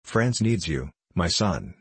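A man voicing a kind old male peasant in a storybook reading, speaking slowly and gently in a fatherly way. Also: deep voice, very animated, breathy edge, no echo, full character voice. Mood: gentle.

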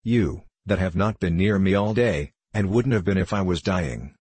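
A man's voice: low-pitched, moderate pace, a little mellow, husky, no room sound. A man reading the part of a self-pitying, reproachful middle-aged wife in a storybook. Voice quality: complaining, reproachful.

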